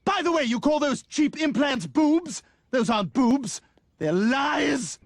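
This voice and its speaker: A man's voice: very high-pitched, animated, takes it slowly, no echo, exaggerated voice. An actor playing a scheming, villainous talking baby boy in a cartoon, with clipped posh theatrical diction. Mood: snide. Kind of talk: cartoon voice acting.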